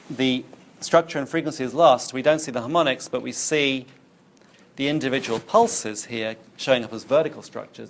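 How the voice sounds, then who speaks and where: A man's voice: mid-range voice, vocal fry, slight background noise. A man giving a recorded university lecture, explaining while he demonstrates on screen and thinks aloud.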